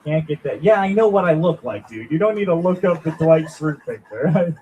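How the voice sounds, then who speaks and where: A man's voice: fairly high pitch, expressive, moderate pace, darkish tone, highs cut off, a little hiss or hum. A young man doing a rambling, self-deprecating stand-up set at a small open mic, chatting with the crowd. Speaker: stand-up comic.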